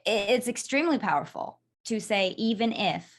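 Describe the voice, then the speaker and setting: A woman's voice: mid-range voice, lively intonation, a little fast. Chatty woman co-host in her thirties. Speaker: podcast co-host. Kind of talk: casual podcast conversation.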